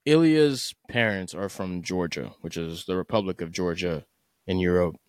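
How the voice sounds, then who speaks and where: A man's voice: sits low, moderate pace, dry recording, clean studio sound. A man hosting a podcast, giving blunt, opinionated, profane commentary in a casual solo talk. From United States. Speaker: podcast host.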